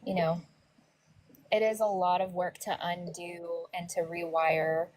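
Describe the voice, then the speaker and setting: A woman's voice: fairly low pitch, level tone, unhurried, a little mellow, dry recording, poor audio. A woman co-hosting a call-in show, talking reflectively and earnestly with casual fillers. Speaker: co-host. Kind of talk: casual livestream chat.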